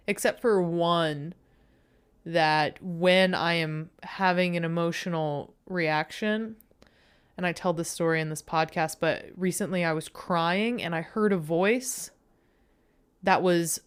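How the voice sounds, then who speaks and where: A woman hosting her podcast, chatty and self-deprecating, swearing freely and a bit low on energy. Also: clear, resonant tone. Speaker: podcast host. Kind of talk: casual solo podcast intro.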